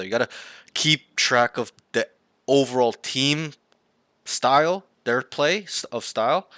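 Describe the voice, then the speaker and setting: Young guy, bright and dry, rambly emphatic coach with casual swearing. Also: fairly low pitch, dry recording. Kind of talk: casual coaching over voice chat.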